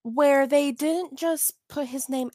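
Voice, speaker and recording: A young woman speaking very slowly and deliberately as she chats about a show. Her voice is a touch higher than usual, and the recording is close and dry. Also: mellow, dry recording. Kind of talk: casual chat recapping a TV episode.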